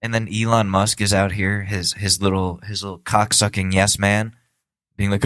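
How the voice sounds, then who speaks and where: A man's voice: on the low side, level tone, moderate pace, fairly bright tone, no room sound. A man hosting a podcast, ranting sarcastically with lots of swearing in a comedic political monologue. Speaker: podcast host.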